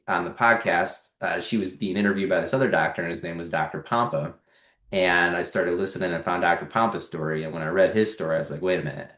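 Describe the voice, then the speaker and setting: A man with a lowish voice tells his story as a podcast guest, in an earnest, animated way, often acting out the lines of others. He is recorded in a room with a noticeable echo. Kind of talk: personal story in a podcast interview. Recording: echoey room.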